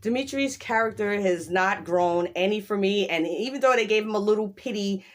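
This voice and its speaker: A woman talking casually through a show recap, with a mid-range voice. She is animated and emphatic, slipping into quick quoted voices and laughing often. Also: mid-range voice. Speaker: show reviewer.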